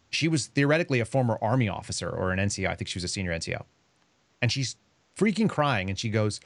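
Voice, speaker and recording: A man's voice: medium pitch, expressive, no echo. A man hosting a podcast, telling stories in a blunt, sarcastic way. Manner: fast, blunt, sarcastic storytelling. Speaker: podcast host. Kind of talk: casual podcast talk.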